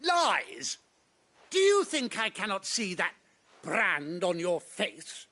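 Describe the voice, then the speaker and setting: A man's voice: high-pitched, huge pitch swings, takes it slowly, sharp tone, exaggerated voice. An actor playing an arrogant, cruel nobleman in a video game, with a haughty, theatrical, sneering delivery. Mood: angry. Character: arrogant cruel nobleman, middle-aged man.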